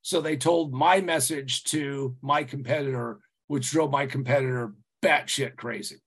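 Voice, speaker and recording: Husky, rambling male podcast guest. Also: mid-range voice, measured pace. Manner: rambling, animated, frequent "you know" and restarts, swears casually. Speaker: business consultant guest. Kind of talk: podcast interview storytelling.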